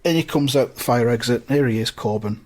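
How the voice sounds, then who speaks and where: A man, a comedy podcast co-host telling a deadpan comic story. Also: medium pitch, brisk.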